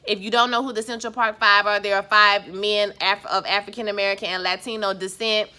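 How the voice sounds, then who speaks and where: A woman's voice: medium pitch, little pitch movement, a little fast, sharp tone. A woman recapping a TV episode in casual, emphatic chat, talking straight to her viewers. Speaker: TV recap vlogger; schoolteacher.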